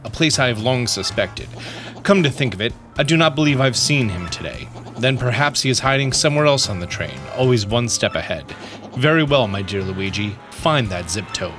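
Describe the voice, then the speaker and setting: A man voicing a pompous, self-assured male detective in a lowered, slow voice. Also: expressive, music in the background, close to an everyday voice.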